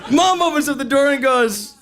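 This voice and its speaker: A young man telling a comic story on stage at a live event, animated, laughing often and filling his talk with "like". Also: very high-pitched, normal speed, a loud crowd. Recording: noisy live event recording.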